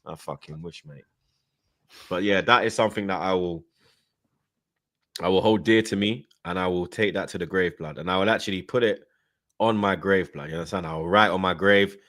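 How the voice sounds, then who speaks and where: This young fan channel host has a low voice and talks a little fast. He reads out chat and spins animated stories full of slang, laughing and imitating voices.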